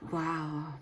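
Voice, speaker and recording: A woman's voice: low voice, noisy background. A woman giving a casual tarot reading, chatty and emphatic, laughing and sighing as she talks. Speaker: tarot reader.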